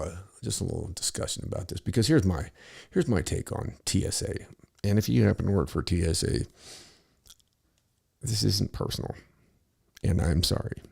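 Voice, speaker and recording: Deep gravelly man telling a rambling story. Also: warm tone. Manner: rambling, profane, with many restarts. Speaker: podcast host. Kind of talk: casual storytelling monologue.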